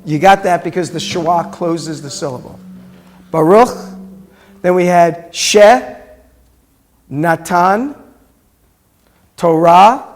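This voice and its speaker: A male rabbi with a high voice teaches a Hebrew class slowly. He's patient in the classroom, drilling vocabulary and explaining pronunciation step by step.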